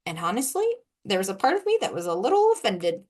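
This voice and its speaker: A woman's voice: medium pitch, huge pitch swings, fast talker, a little mellow. A woman hosts a casual self-help podcast in a candid, self-deprecating way. She talks as if to a friend, sighing now and then and adding a playful edge of sass. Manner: acts out quoted dialogue in shifting voices. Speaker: podcast host.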